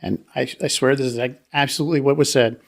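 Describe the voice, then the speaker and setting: A man's voice: medium pitch, steady tone, fast talker, vocal fry. A man co-hosting a podcast, telling a funny story in casual chat, laughing often and acting out the voices of the people in it. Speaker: podcast co-host.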